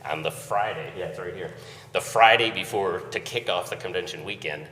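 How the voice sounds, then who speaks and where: Deep-voiced man telling a story in a hall. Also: a little fast, bright, forceful tone, distant mic. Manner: conversational, recounting with chuckles. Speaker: event organizer. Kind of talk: conference talk storytelling. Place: conference hall. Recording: echoey hall, voice from afar.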